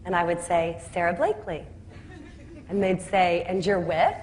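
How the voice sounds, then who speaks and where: A woman telling the story of how she built her business, lively and laughing at her own anecdotes. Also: fairly low pitch, moderate pace, slight background noise. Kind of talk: storytelling talk. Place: home city Atlanta.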